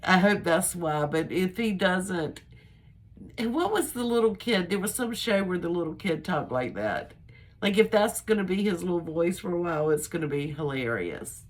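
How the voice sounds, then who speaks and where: A woman's voice: on the low side, big pitch swings, moderate pace. An older woman chatting casually to her camera, rambling in a chatty, homespun way. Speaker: vlogger. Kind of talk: casual personal chat to camera.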